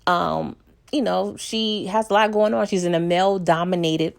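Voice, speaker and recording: A woman's voice: on the low side, steady tone, normal speed, creaky. A woman casually recapping a TV episode for her viewers, chatty and loose, often calling out to them directly. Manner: chatty, addresses viewers as y'all. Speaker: TV recap vlogger.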